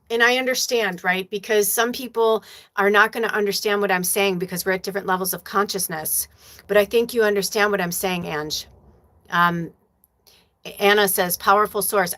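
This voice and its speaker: A woman's voice: mid-range voice, pushed and bright. A woman hosting a spiritual livestream, talking in a casual, emotional and profane way and reading viewer comments aloud. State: tearful at times. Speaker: spiritual medium, livestream host.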